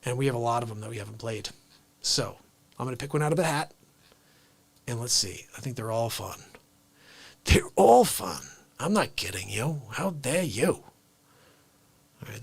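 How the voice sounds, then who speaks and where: A man hosting a live comedy stream, excitable and laughing often. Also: medium pitch, creaky, slightly rough. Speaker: host.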